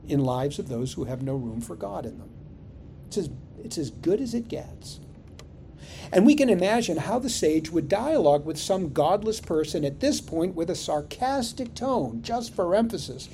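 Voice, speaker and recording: Animated, mellow-voiced male pastor. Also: a little high, moderate pace, creaky, a little hiss or hum. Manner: expressive, rhetorical, asks questions of the congregation. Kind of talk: sermon.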